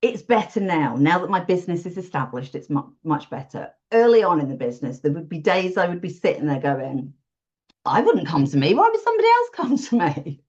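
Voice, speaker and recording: A woman chatting openly about her freelance work in a relaxed interview, self-deprecating and quick to laugh. Her voice sits a little low. The audio is dull and lo-fi, like a remote call. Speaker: WordPress support freelancer, podcast guest. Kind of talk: casual interview chat.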